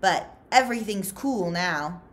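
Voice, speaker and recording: A woman's voice: lowish voice, animated, measured pace. A woman voicing a cocky teenage boy leader who talks breezily and persuasively, in a storybook reading. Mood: smooth-talking.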